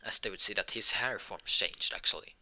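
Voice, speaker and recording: A man telling an improvised fan story in a rambling, halting way, often stopping to restart his sentences. His voice sits low but has a sharp, tense, bright edge.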